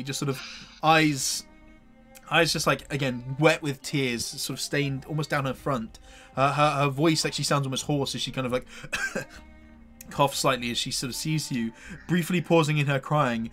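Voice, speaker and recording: A man's voice: medium pitch, fairly even intonation, normal speed, fairly bright tone, soft background music. A man narrating as game master of a tabletop game, with hesitant phrasing and lots of fillers. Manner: hesitant, full of fillers like "sort of".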